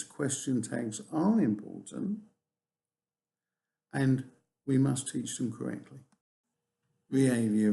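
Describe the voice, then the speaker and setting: A man's voice: medium pitch, gravelly, warm tone. A man teaching a recorded course lecture, explaining in a teacherly way with hesitant restarts. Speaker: TEFL course tutor.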